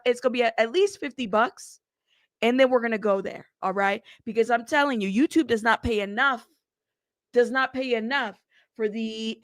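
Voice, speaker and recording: Chatty woman livestreaming, bright dry voice. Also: a little high, no room sound. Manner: chatty, blunt, laughs often, greets chat by name. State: a little sick in the throat. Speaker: livestream news host. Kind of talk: casual livestream chat.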